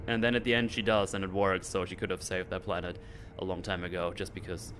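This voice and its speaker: A man's voice: low voice, fast, background noise. A man hosting his channel, ranting in a casual, sarcastic way with mocking asides. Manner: animated, sarcastic, mocking voices. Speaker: channel host.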